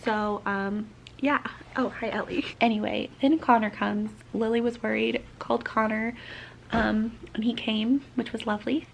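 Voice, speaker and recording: A young woman chats excitedly about her current read, her voice set a little high. She gushes and often slips into soft, half-whispered asides. A faint hiss of room noise sits underneath. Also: unhurried, vocal fry, poor audio. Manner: gushing, chatty, drops to half-whispered asides. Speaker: book vlogger. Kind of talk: casual reading-vlog chat.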